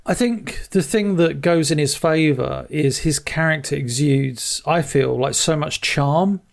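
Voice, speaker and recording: Gravelly, higher-pitched podcast man. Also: a little slow. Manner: hesitant, lots of restarts and filler words. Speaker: podcast co-host. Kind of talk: casual film discussion.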